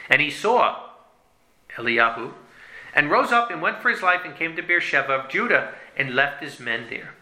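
A man preaching a sermon, reading scripture aloud and then commenting on it, swinging from loud emphasis to hushed lines. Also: on the high side, big pitch swings, normal speed, reverberant, poor audio.

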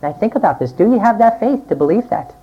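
A woman preacher delivering a sermon and reading scripture aloud, acting out quoted voices with big swings in pitch. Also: animated, fast talker, slightly rough. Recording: dull lo-fi recording.

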